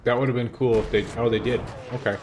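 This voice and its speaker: A man's voice: medium pitch, steady tone, fast, noisy background. A male game streamer giving chatty, playful commentary while he plays. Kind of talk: casual gameplay commentary.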